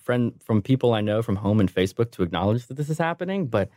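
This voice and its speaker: A man in his thirties, a sound engineer guesting on a podcast, telling a funny story in a lively way and laughing often. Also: fairly low pitch, quick pace, no room sound, clean studio sound. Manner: animated, laughing while telling stories. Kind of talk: casual storytelling.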